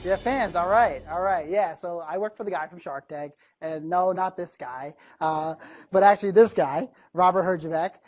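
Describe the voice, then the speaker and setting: A man from the East Coast of the United States giving a conversational keynote talk to a room of listeners, chatty and lively, often asking the audience questions. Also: sits high, moderate pace. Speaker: keynote speaker.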